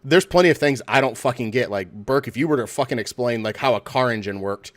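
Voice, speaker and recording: A man's voice: medium pitch, quick pace, no echo. Easygoing man chatting over a game. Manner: loose, profane, thinking aloud. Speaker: gamer chatting while playing. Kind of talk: casual chat over game voice chat.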